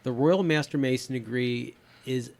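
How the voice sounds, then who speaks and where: A man's voice: mid-range voice, moderate pace, gravelly. A man in his fifties hosting a podcast, chatting casually with lots of fillers and restarts. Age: 50s. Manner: rambling, many fillers and restarts. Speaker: podcast host. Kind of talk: casual chat.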